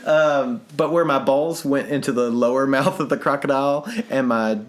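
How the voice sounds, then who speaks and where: A man's voice: mid-range voice, steady tone, moderate pace. Male podcast co-host, casual home recording, chatty and self-deprecating, laughs a lot. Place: living room at home.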